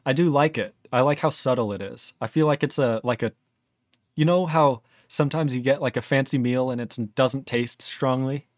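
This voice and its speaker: A man's voice: medium pitch, unhurried, no room sound, clean studio sound. A man with a Northern US accent, a guest rambling animatedly with many fillers in a casual livestream chat.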